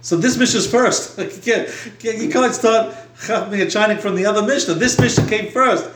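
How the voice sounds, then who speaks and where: A man with a notably high voice pushes his point insistently in a Talmud study debate. He sits away from the microphone, and the room echoes around him. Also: moderate pace, a bit bright, far from the mic. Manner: insistent, argumentative. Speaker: study partner.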